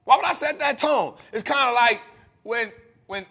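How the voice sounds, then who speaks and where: A man's voice: very high voice, moderate pace, vocal fry, sharp tone. A man hosting a podcast, giving a preachy, emphatic motivational finance talk full of repetition and casual street slang. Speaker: podcast host.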